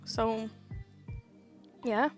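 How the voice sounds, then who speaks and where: A young woman sits at home in a headset, streaming and chatting easily with her viewers. Her voice is high and she sounds a bit tired and yawny. Soft game music plays faintly behind her. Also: steady tone, very slow. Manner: chatty, reads and answers viewer chat, sighs and laughs at herself. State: tired, yawning. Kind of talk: casual live-stream chat.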